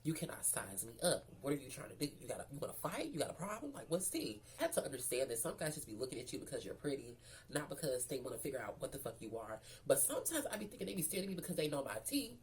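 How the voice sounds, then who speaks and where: Sassy low-voiced woman telling stories. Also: very animated, rapid-fire, a little hiss or hum. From Memphis, Tennessee. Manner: sassy, profane, chatty, talks to viewers as girl and baby. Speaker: storyteller vlogger. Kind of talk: casual storytime.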